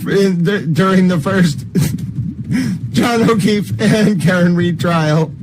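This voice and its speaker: A man's voice: high voice, measured pace, background noise. A man on a replayed stream clip, lamenting and sing-song in mock despair. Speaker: livestream host. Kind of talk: replayed stream clip, reacting to court transcripts.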